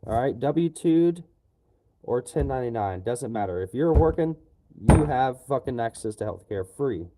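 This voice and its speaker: A man's voice: medium pitch, lively intonation, normal speed, very noisy. A man on a livestream, ranting angrily about politics, swearing often and ending lines with "you know". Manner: profane, repetitive, keeps tagging lines with "you know". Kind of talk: angry political rant on a livestream.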